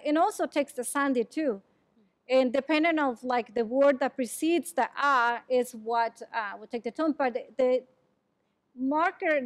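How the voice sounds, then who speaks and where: A high-voiced woman from Mexico, a native Chatino speaker, answers questions after a conference talk. She explains in a halting way, often pausing to search for words. Her voice sounds close and dry, with little room. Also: no room sound. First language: San Juan Quiahije Chatino. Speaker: presenter answering audience questions. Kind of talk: academic conference Q&A. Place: lecture room.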